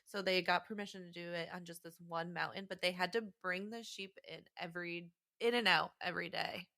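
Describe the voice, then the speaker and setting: Gravelly, bright-voiced woman podcast host. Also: on the low side, steady tone, a little fast. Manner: chatty, laughs often, trails off with fillers. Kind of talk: casual movie podcast chat.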